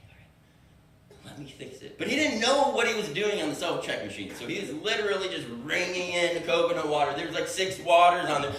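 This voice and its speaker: Animated man telling a story in an echoey room. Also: high voice, far from the mic. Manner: animated, acts out every line of dialogue, laughs often. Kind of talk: comedic storytelling to an audience.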